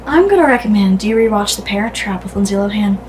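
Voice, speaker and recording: A woman co-hosting a casual podcast, playful and quick to laugh. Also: medium pitch, expressive, a little mellow, slight background noise, rough recording. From West Virginia. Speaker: podcast co-host. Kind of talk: casual chat.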